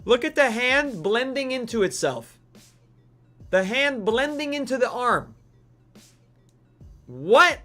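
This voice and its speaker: High, bright-voiced ranting male streamer. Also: slow pace, pauses often, faint music behind. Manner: animated, mock-outraged ranting. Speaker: streamer host. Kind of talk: live-stream gaming commentary.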